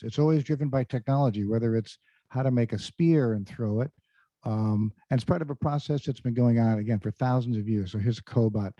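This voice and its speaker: A man gives a loose, chatty talk to his audience, full of fillers and quick audience questions. His voice is very dark and mellow, and it sounds close and dry. It comes through a computer mic over a dull, lo-fi video call. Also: mid-range voice, no room sound. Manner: conversational, filler-heavy, quizzes the audience. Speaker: career speaker. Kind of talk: online presentation.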